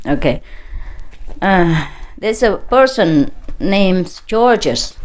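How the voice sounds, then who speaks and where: A woman's voice: fairly low pitch, animated, slow. A woman telling a joke to a live audience in a chatty, informal way, searching for words and laughing often. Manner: laughs often between lines. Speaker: speaker addressing an audience.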